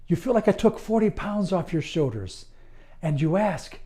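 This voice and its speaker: In a high voice, a certified hypnotist delivers a slow, sincere promotional monologue. His calm, deliberate delivery is broken by long, soothing pauses.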